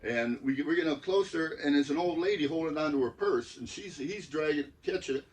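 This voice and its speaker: A man's voice: a little high, a little fast, far from the mic, rough recording. A man from the Detroit area, a co-host telling a story in a loose, easygoing way in a casual chat.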